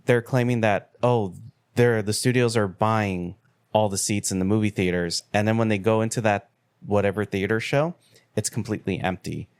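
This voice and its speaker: Lower voiced guy on a podcast, smooth and clear, calmly explaining stuff. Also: moderate pace, dry recording. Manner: steady, explanatory, recapping claims. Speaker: podcast co-host. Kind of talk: casual chat.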